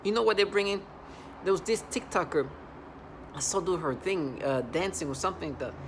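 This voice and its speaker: A man's voice: high-pitched, lively intonation, a little fast, a little hiss or hum. A man vlogging an angry monologue, agitated and repetitive, often stumbling and restarting his sentences.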